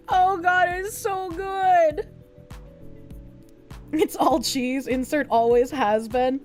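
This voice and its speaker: A young adult woman streaming, chatting casually in a rambling, excitable way and swearing often. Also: high-pitched. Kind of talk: casual chat.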